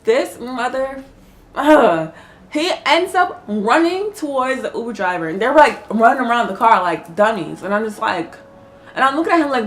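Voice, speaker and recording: Animated woman vlogger swearing freely. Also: fairly high pitch, normal speed. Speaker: vlogger telling a story. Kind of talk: casual storytime.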